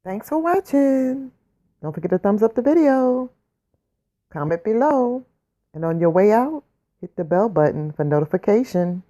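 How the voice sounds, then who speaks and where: A woman signing off her video with an upbeat, slow, drawn-out farewell. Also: medium pitch, expressive, warm tone. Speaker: beauty vlogger. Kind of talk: video sign-off.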